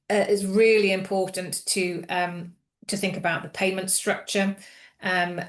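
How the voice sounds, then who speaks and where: Brief: woman, lowish voice, halting webinar presenter, roomy echo. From United Kingdom. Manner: hesitant, frequent fillers and restarts. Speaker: employment law speaker.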